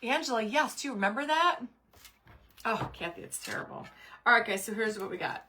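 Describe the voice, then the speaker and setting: A middle-aged woman hosts a craft livestream, greeting viewers by name as she works and muttering to herself while she concentrates. Her voice is on the high side, expressive and fairly quick, with a bright, forceful tone. It's picked up by a camera mic at her desk.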